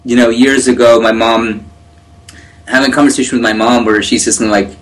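A middle-aged man co-hosting a casual talk, telling stories quickly with repeated words. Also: mid-range voice, steady tone, a bit bright, low-quality recording. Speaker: podcast co-host. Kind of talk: casual conversation.

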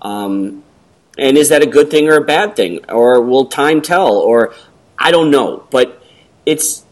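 A middle-aged man co-hosting a casual talk, rambling and hesitant, with many pauses and ums. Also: mid-range voice. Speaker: podcast co-host. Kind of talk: casual conversation.

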